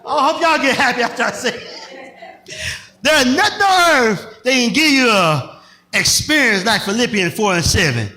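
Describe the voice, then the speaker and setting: A male pastor preaching a sermon, swinging from loud shouted lines to soft asides with bursts of laughter. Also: very high-pitched, very animated, moderate pace.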